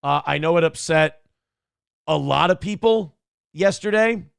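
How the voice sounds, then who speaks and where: Man in his thirties, gravel in the voice, slightly high-pitched, livestream host reading donations, laughing banter, dry close sound. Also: measured pace, no room sound. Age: 30s.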